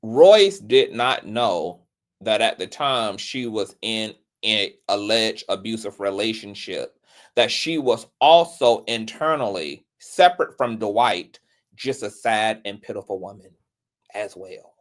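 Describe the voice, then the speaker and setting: A man comments on celebrity gossip with theatrical, mocking pity. His voice moves widely in pitch, and he speaks slowly, drawing out words and leaving dramatic pauses. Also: animated. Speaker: commentary channel host.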